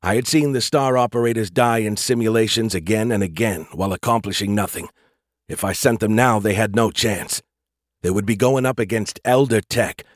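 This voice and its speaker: Low-voiced male audiobook narrator. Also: normal speed, dry recording, clean studio sound. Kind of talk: first-person scripted narration.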